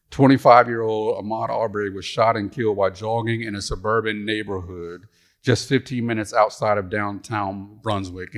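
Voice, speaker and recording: A middle-aged man and retired pastor giving a storytelling conference lecture, folksy and humorous, on a stage mic. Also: lowish voice. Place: conference hall.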